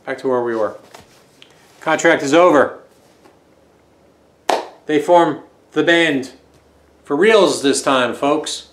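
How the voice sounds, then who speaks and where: A man's voice: on the high side, slow pace, long pauses, slight background noise. Chatty man in a roomy space. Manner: rambling, chatty, jokey asides. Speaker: record collector host. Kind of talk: casual record collection chat.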